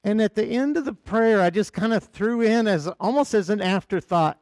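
A man's voice: high-pitched, normal speed, hardly any pauses, darkish tone, dry recording, studio quality. A man from the United States preaching a sermon as pastor, telling a story with chuckling asides.

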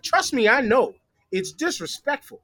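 Man, podcast guest, high voice, bright and forceful, dry close sound. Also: very animated, measured pace, no room sound. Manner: opinionated, profane, explains at length. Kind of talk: casual sports chat.

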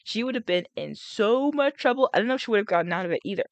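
A woman's voice: mid-range voice, animated, racing, no room sound. A young woman reading a novel aloud and breaking off to chat and react, with laughs and groans between passages. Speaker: reader and vlogger.

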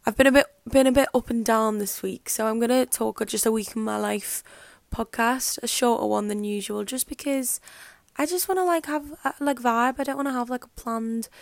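A woman's voice: on the high side, vocal fry, no room sound. A young woman hosting her podcast, chatting casually and rambling with lots of "like" and "um". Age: young adult. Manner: chatty and rambling, fills speech with "like" and "um". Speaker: podcast host. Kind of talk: casual solo podcast chat.

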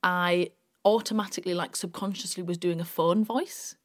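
A young woman from Bradford speaks with a broad West Yorkshire accent, her voice sitting a little low for a woman. She chats freely as an interview guest, winding through long, rambling anecdotes about her radio work. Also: fairly even intonation, normal speed. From Bradford, West Yorkshire, England. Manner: chatty, long-winded storytelling. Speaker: radio presenter, podcast guest. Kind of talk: casual interview chat.

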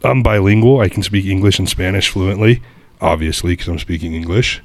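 A man with a lowish voice hosts a podcast, wandering off into crude stories with lots of swearing. His voice sits close to the mic in a dead, dry space. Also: brisk, dry recording. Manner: rambling, profane, animated storyteller. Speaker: podcast host. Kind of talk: casual chat.

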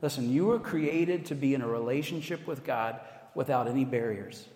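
A man's voice: medium pitch, moderate pace, darkish tone. An American man preaching a sermon as a pastor, conversational, with self-deprecating asides. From United States. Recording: echoey hall, long reverb.

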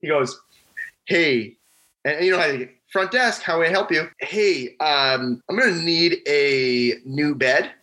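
A man's voice: on the high side, a little slow, poor audio. A young man, a former college hockey player, telling a prank story in a casual interview and acting out his friends' lines. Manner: animated, acts out the voices of friends in his story.

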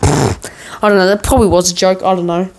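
Speaking briskly in a high, creaky voice, a podcast host tells a long, wandering story loaded with jokes, swearing and restarts. Background noise comes through.

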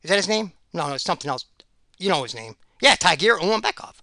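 A man's voice: sits high, very animated, fast, vocal fry, sharp tone, no room sound. A man giving rambling solo commentary on fight picks, sarcastic and ranting, repeating himself.

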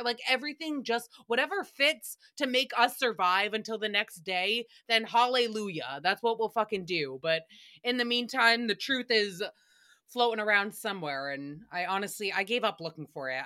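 A woman hosts a solo recap podcast in a fairly high, bright, forceful voice. She talks in a chatty, profane way, often laughing and acting out stories with drama. Her delivery is loose and unfiltered. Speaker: podcast host.

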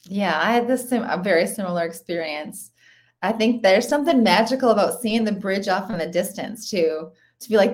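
A woman's voice: medium pitch, a little fast. Chatty woman runner, lots of fillers. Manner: chatty, many "like" fillers, laughs often. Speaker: interview guest, ultra runner. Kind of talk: casual conversational interview.

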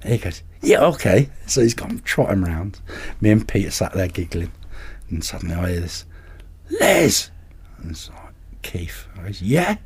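A man, a podcast guest and carp angler, telling anecdotes in a lively way and acting out the voices of people in them. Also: low voice, fairly quick, breathy edge. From England. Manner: animated, acts out other people's voices in anecdotes. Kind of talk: casual storytelling.

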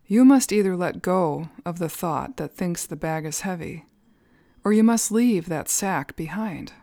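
A woman voicing an old male Zen master who answers his student in short, calm, teasing lines in a spoken story. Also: fairly low pitch, unhurried, dry recording, clean studio sound. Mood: wry.

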